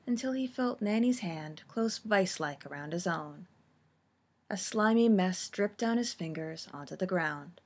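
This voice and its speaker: Woman narrator, storybook reading, husky, steady and expressive. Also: fairly low pitch.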